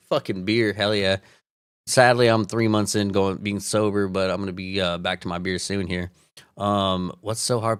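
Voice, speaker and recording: A man's voice: lowish voice, moderate pace, clear, resonant tone, dry recording, clean studio sound. A man hosting a live stream, reacting to viewer comments in casual, profane, sarcastic chat with frequent laughter. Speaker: livestream host.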